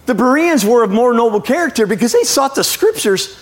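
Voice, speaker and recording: A middle-aged man preaching as a guest, lively and joking, often breaking off to apologize to his listeners. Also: very high-pitched, fairly quick. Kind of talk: sermon.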